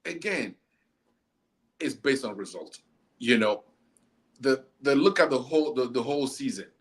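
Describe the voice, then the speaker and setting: A man's voice: mid-range voice, expressive, moderate pace. A man hosting a casual football chat, ranting bluntly and repeating himself as he argues.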